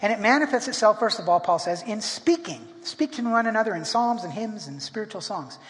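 Middle-aged man, pastor, high voice, delivering a sermon in an emphatic manner with lots of restarts, in a church hall with long reverb. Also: expressive, a little fast, fairly bright tone. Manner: emphatic, often restarts and repeats words. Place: church sanctuary.

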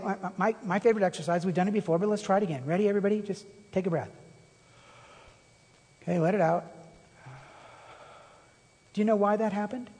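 Husky man preaching in a reverberant hall. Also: high voice. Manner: animated preaching, rising to emphatic peaks. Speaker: pastor. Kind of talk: sermon.

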